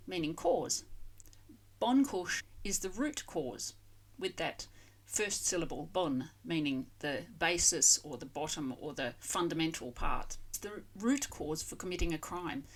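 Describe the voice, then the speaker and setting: A woman hosting a language-learning channel, giving a scripted vocabulary lesson and carefully spelling out foreign words. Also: mid-range voice.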